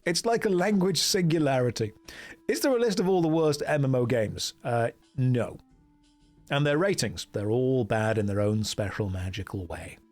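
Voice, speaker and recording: A man's voice: medium pitch, normal speed, a little mellow, soft background music. A man from the UK chatting wryly with his viewers while streaming a game. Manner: wry, joking asides to chat while reading game dialogue. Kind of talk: casual live-stream commentary.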